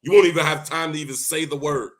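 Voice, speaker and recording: A man talking loudly and excitedly in a solo monologue, often repeating himself for emphasis. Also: fairly high pitch, fast. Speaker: video host giving religious advice. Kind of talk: impassioned solo monologue to camera.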